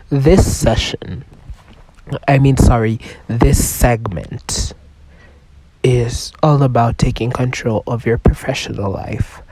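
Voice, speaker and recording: A man's voice: medium pitch, mellow, slightly rough, no room sound, poor audio. Laid-back man with a cold. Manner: casual, swears often, loose and chatty. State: has a cold, voice rough. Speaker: podcast host. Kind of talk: solo self-help podcast monologue.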